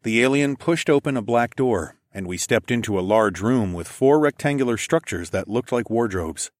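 A man's voice: medium pitch, expressive, normal speed, dry recording. A man reading a first-person story aloud in a casual, wry tone. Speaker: narrator.

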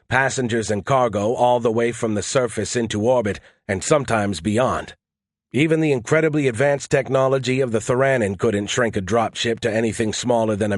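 A man's voice: medium pitch, dry recording. A man narrating a first-person audiobook in a dry, wry, matter-of-fact way.

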